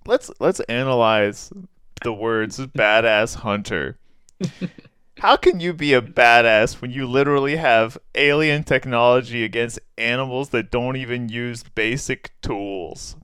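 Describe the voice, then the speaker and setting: Young guy, smooth clear voice, dry close sound, playful teasing chat. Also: mid-range voice, unhurried, a bit bright, no room sound. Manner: laughing, teasing banter. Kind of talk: casual chat.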